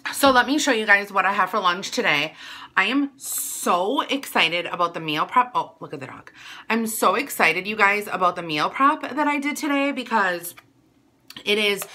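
A woman vlogger talks to her viewers in a casual, rambling way, pausing to chew and hum over her food. Her voice is bright and forward, with a middle pitch. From Wisconsin. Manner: chatty and rambling, eating on camera. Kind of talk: casual mukbang vlog chat.

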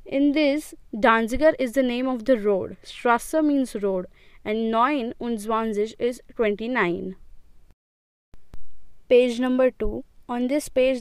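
A young woman with an Indian English accent leads a beginner German lesson in a smooth, crisp voice that sits a little high. She talks slowly and patiently, repeating each word twice so learners can follow. The sound is dry and close, with no room around it. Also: a little mellow, dry recording. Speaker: German teacher. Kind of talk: slow, clear classroom lesson.

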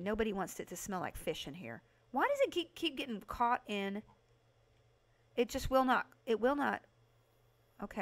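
A woman livestreaming a house renovation game, chatting casually with her viewers and breaking into excited bursts. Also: medium pitch. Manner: chatty, talks to chat by name, excited bursts. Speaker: livestream host playing a video game. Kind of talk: casual live game commentary.

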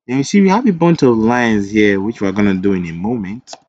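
A man's voice: fairly low pitch, a little fast, a little mellow, dull audio, slight background noise. A man teaching web development in a screen-recorded coding tutorial. He thinks aloud as he types, corrects himself, and drifts into chatty asides.

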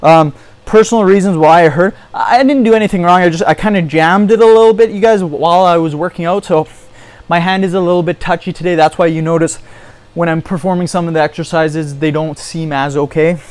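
A man's voice: on the high side, brisk, darkish tone, clear, resonant tone. A man giving a casual home workout tutorial, chatty and encouraging, often saying "you guys", and slightly out of breath. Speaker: fitness vlogger.

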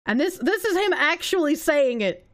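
A female streamer talks loosely with her viewers in a high voice that swoops up and down all the time. She is animated, laughs often and swears without a second thought. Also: normal speed. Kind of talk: casual livestream commentary.

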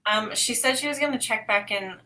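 Bright, upbeat woman co-hosting a livestream. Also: fairly high pitch, a little fast. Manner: upbeat, reads chat aloud, gently coaching. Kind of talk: casual livestream chat.

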